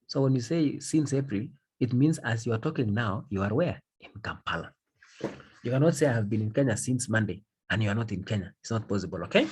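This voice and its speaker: A man's voice: mid-range voice, animated, fairly quick, a little mellow, slight background noise. A man teaching English grammar, emphatic and repetitive, often stopping to check that his students understand. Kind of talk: grammar lesson.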